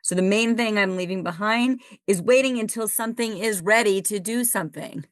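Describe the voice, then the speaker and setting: A woman's voice: a little fast, no echo, clean studio sound. A woman on a group coaching call, sharing in a cheerful, eager way. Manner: cheerful, eager, bright rises in pitch. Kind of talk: casual sharing. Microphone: video call.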